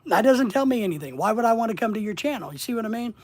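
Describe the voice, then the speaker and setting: A man's voice: high voice, lively intonation, rapid-fire. A middle-aged man with a slight Southern accent coaches viewers through a casual livestream lesson. He talks in a rambling, plainspoken, conversational way. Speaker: online business coach.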